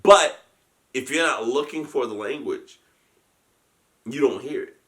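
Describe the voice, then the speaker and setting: A man telling a story in a casual chat. He is animated, often laughs and restarts his sentences. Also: mid-range voice, a little slow. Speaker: guest storyteller, convention founder.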